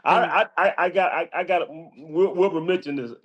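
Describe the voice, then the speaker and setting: An older man, a former college basketball player, telling stories on a call with lively jumps in pitch and frequent laughs. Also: moderate pace. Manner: lively, jumps high when quoting himself, laughs often. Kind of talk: casual storytelling on a call. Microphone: remote call.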